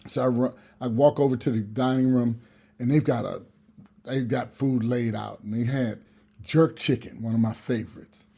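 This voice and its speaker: Husky, mellow man telling a story. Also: mid-range voice, normal speed. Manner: animated, acts out other people's lines. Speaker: regular guest. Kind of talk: comic storytelling on a radio show.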